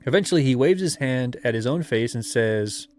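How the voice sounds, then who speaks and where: A man hosting a playthrough, reading a gamebook aloud in a steady way and adding chatty asides. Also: medium pitch, normal speed. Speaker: host and gamebook narrator.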